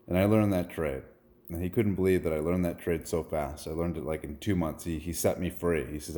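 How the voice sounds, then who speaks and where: A man's voice: extremely low pitch, fairly even intonation, a little fast, dark tone. A man in his forties telling a rambling, earnest personal story that turns preachy when he quotes scripture. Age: 40s. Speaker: vlogger.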